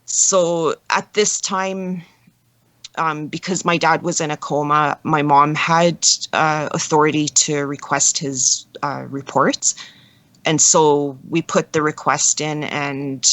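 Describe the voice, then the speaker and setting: A woman being interviewed as a guest, telling a personal story in an earnest, halting way with frequent restarts. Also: low voice, steady tone, a bit bright, dry recording.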